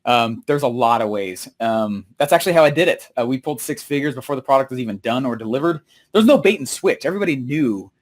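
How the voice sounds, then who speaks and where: A man's voice: medium pitch, lively intonation, fast talker. A man hosting a live question-and-answer stream, talking energetically and telling stories with many repeats and fillers. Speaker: host answering viewer questions.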